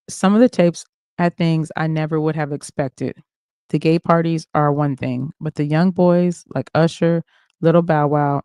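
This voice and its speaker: A man narrating a dramatic first-person memoir in a steady, matter-of-fact way. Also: a little high, clean tone, no room sound, clean studio sound.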